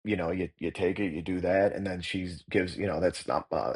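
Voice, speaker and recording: Middle-aged male actor-coach, deep husky voice, blunt and salty, explaining his craft. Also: fast talker. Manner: blunt, profane, emphatic. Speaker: actor and acting coach, guest. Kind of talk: casual interview talk.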